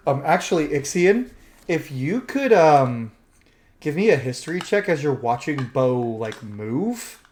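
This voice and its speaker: A man running a tabletop game as game master over an online call, chatty and quick to laugh, often restarting his sentences as he narrates. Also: on the high side, big pitch swings, a little mellow. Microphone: online call microphone.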